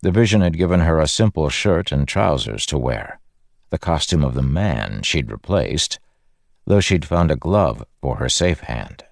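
A man narrating a fantasy audiobook in a steady, measured storytelling style. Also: rumbling low, creaky, no room sound, studio quality.

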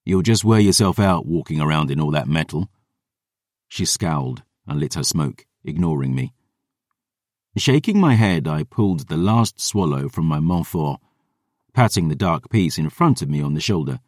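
A man narrating a first-person audiobook in a dramatic, expressive storytelling manner. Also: a bass voice, normal speed, no echo, studio quality.

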